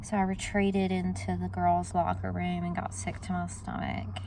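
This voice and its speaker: A woman's voice: on the low side, monotone, normal speed, vocal fry, warm tone, a little hiss or hum. Chatty woman vlogging. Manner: chatty, talks straight to viewers. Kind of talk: casual vlog to camera.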